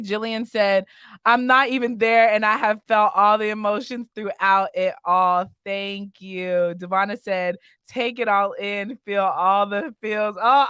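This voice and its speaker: A woman's voice: mid-range voice, fairly even intonation, measured pace, fairly bright tone, clear, resonant tone, no echo. A woman hosting a live-stream interview, effusive and emotional, reading viewer comments aloud. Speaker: podcast host.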